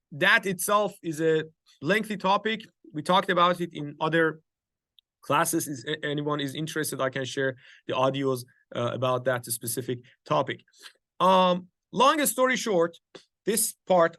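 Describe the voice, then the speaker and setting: In a home office, a man leads a study circle through an informal religious lesson, explaining step by step with plenty of fillers and restarts. His fairly high, bright voice often checks in with a "right?", and the sound is close and dry without any room echo.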